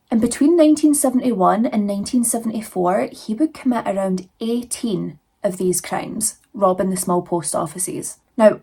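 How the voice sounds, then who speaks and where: Husky-voiced young woman telling true crime. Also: mid-range voice, a little mellow. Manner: chatty, conversational, many fillers. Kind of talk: casual true crime retelling.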